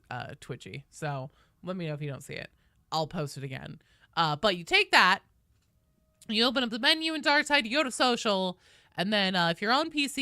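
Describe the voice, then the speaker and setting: A woman's voice: medium pitch, bright, forceful tone, no room sound, studio quality. A woman streaming a game live, chatting casually and playfully with viewers and swearing freely.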